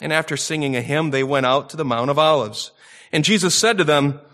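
A man delivers an expository sermon in a bright, forward voice that sits a little high. He reads scripture aloud, then builds his points with rising emphasis and dramatic pauses. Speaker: pastor.

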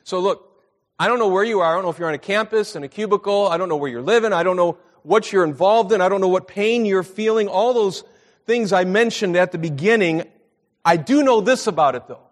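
A man's voice: high voice, fairly quick, long reverb tail. A middle-aged man preaching a sermon in a church meeting room, mixing casual storytelling with scripture and repeating key points for emphasis. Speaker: pastor.

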